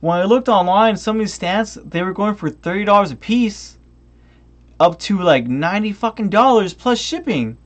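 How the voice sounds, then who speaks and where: A man's voice: high-pitched, lively intonation, normal speed. A tipsy young man ranting on a stream, swearing heavily, restarting often and drifting off on tangents.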